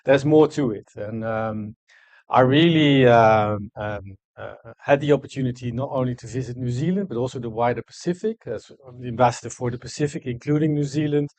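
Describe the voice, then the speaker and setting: A man whose first language is Dutch answers questions in a fireside chat, stopping and restarting with plenty of fillers. His voice sits at a middling pitch. The sound is dry and close. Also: a little mellow, no room sound. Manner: halting, many fillers and restarts. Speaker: ambassador. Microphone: no microphone, room.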